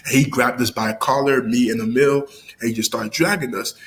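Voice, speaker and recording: A man's voice: brisk, low-quality recording. A young man telling a story from his school days to his viewers, rambling and full of fillers, slang and restarts, his voice jumping up when he acts out the scenes. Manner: animated, jumps high when acting out scenes. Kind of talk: casual storytime vlog.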